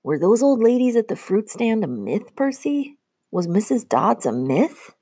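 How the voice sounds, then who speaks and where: Lady doing a touchy nervous teen satyr boy, higher and pushier, quick and indignant. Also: big pitch swings, warm tone, husky, no echo, heavily acted. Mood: insistent. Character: nervous loyal teenage boy satyr, defensive.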